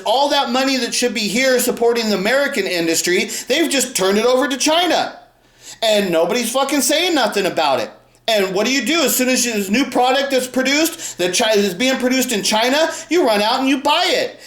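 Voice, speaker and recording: A man's voice: very high voice, a bit bright, echoey room. A man delivering an angry, profane rant to camera, mocking others in put-on voices. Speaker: sports card YouTuber.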